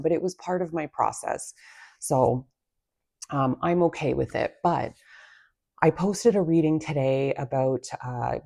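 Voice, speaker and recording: Soft-spoken woman in hushed tones. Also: a bass voice. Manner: hushed, half-whispered talk; rambling with many fillers. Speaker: tarot reader and channel host. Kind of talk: casual spoken monologue to viewers. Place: at a table in her home.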